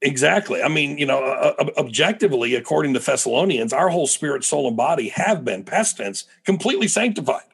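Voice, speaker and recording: A man's voice: on the high side, lively intonation, brisk, creaky, hardly any pauses, a bit bright, slightly rough. A middle-aged American man, a preacher and guest, telling stories animatedly in a podcast interview with frequent restarts. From United States.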